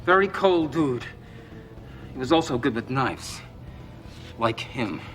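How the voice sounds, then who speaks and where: A jittery arms dealer. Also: male voice, mid-range voice, big pitch swings, a bit bright. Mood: panicked. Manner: rattled, pleading, talking fast under threat. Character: nervous male arms dealer, fast-talking. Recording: TV drama audio with music.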